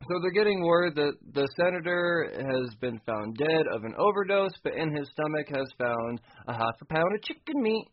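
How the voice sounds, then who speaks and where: A man's voice: a little high, animated, moderate pace, few pauses, highs cut off. A man casually recapping a comic book chapter, swearing freely and laughing as he goes. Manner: loose and profane, laughs while recapping.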